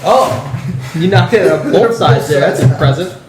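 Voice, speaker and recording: A man's voice: fairly high pitch, animated, moderate pace, loud music behind the voice. A man teasing and asking questions as a co-host on a casual podcast, in an echoey room. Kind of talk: casual chat.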